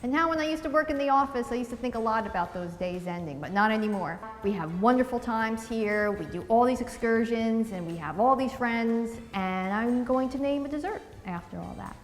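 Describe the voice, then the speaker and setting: A fairly high-voiced woman from New Jersey chats brightly as she walks through a recipe in a relaxed home-cooking vlog. Her voice carries some reverb, and soft music plays behind her. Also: fairly quick, few pauses. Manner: chatty and upbeat, laughs easily. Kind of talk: casual cooking chat.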